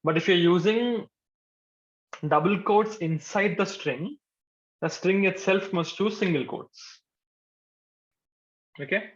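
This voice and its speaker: A man's voice: sits high, slow pace, pauses often. A male programming instructor, giving a live coding lecture to a class. He repeats his points patiently and says "okay" often. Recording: dull lo-fi sound.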